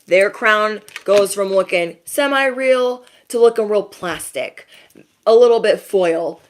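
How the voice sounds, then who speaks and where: A sassy woman giving an intuitive reading, talking straight to her viewers. Her voice sits on the lower side, and she keeps checking in with a quick "okay?" as she rolls through casual slang. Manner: chatty, sassy slang, asks "okay?" often. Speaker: intuitive reader addressing her audience.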